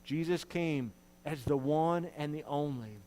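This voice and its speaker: A man's voice: fairly high pitch, a little slow, mellow, a little hiss or hum, rough recording. Earnest male pastor preaching a sermon. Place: church.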